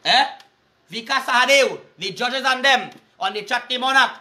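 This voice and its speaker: A man's voice: extremely high pitch, normal speed, pushed and bright. A man with a Trinidadian accent ranting angrily in a profane, repetitive video monologue, with faint music behind him.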